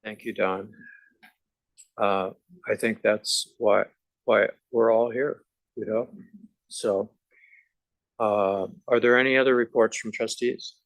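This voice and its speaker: A man chairing a formal board meeting, running the votes in a relaxed, procedural way. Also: on the low side, slow pace, pauses often, no echo, poor audio.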